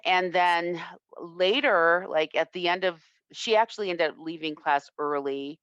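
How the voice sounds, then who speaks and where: A woman self-defense instructor telling a personal story in an interview, reflective and earnest with halting restarts. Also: on the low side, fairly bright tone, clear, resonant tone, no room sound. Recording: dull lo-fi, dry sound.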